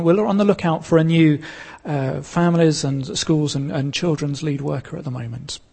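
Male pastor, sermon delivery, earnest and emphatic, gravelly voice. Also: fairly high pitch, a little mellow, big-room sound. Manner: earnest preaching with pauses and emphatic repetition.

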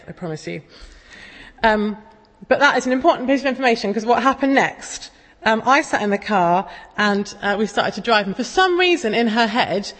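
A woman preaches in a relaxed, conversational way, in a mid-range voice. She tells homely stories with a self-deprecating humour. Her voice rings out with a long reverb, as in a large church hall. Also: mid-range voice. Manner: chatty, self-deprecating storytelling. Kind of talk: casual sermon.

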